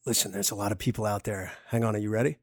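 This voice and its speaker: A man co-hosting a podcast, talking in an energetic, motivational way. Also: fairly low pitch, racing, dry recording, studio quality. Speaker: podcast co-host. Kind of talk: casual podcast chat.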